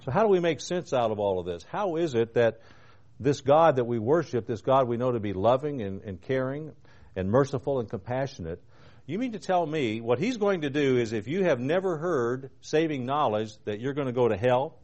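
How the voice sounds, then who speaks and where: A man hosting a televised Bible program, teaching earnestly, reading scripture slowly with emphasis and asking rhetorical questions. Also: medium pitch, lively intonation, darkish tone. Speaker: TV program host and preacher.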